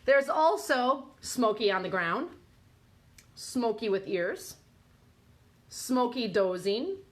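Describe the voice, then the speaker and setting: A woman's voice: on the high side, lively intonation, takes it slowly. A woman hosting a live quiz show who keeps dissolving into giggles as she quizzes her listeners. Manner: giggly, breaks into helpless laughing fits. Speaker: podcast host.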